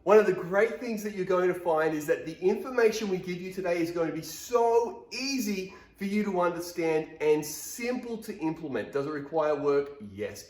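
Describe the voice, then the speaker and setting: Male marketing trainer, upbeat and motivational, fairly high voice, roomy echo. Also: a little mellow. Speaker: social media marketing trainer. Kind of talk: presentation to a live event audience.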